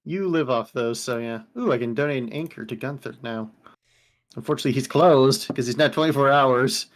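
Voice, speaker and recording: A woman guest with a scraggly, rough voice, chatting in a laid-back way and chuckling often. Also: a bass voice, fairly quick. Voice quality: scraggly, rough voice that sounds sick. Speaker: guest streamer. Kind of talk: casual stream chat.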